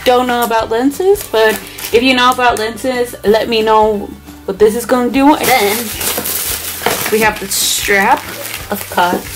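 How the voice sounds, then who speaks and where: A woman's voice: fairly high pitch, fairly even intonation, measured pace, music in the background. A young woman in a beauty vlog, unboxing a new camera and gushing over each item with breathless exclamations. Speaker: beauty vlogger.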